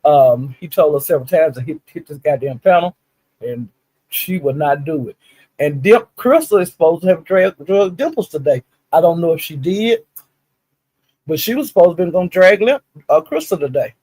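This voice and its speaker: A man with a highish, warm, breathy voice and lively intonation speaks at a moderate pace, without echo. As a commentator on live-stream drama, he gossips in a casual, animated way, packed with profanity and shouts of "honey" and "child."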